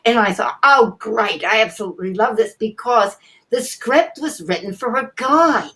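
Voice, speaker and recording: An older woman, a voice actress being interviewed, telling stories in a theatrical, animated way with frequent restarts. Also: on the high side, normal speed. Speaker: guest voice actor. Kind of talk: casual interview storytelling.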